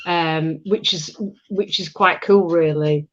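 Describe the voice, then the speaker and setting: A woman's voice: sits low, steady tone, slow pace, dull audio. A woman singer with an English accent, chatting in an interview and laughing often. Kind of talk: casual interview chat.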